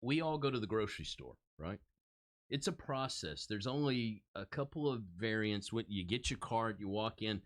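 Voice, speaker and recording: Man co-host, lowish voice, animated storyteller, mock-annoyed rants. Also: normal speed. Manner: animated, tells stories in bursts. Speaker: podcast co-host. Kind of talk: casual sales podcast chat.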